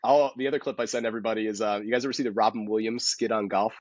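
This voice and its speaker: A man, a golf instructor, talking as a podcast guest in quick, animated stories full of restarts. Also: lowish voice, dry recording, muffled recording. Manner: rapid, animated storytelling with many restarts. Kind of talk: casual podcast interview.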